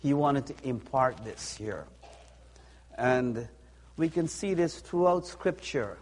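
A man preaching a sermon in a slow, deliberate way, leaning on words through repetition. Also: mid-range voice, expressive, darkish tone. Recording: long hall reverb.

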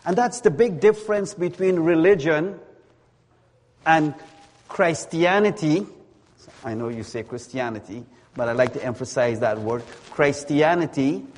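A man preaching a sermon in a slow, deliberate way, leaning on words through repetition. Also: medium pitch, steady tone, darkish tone. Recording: long hall reverb.

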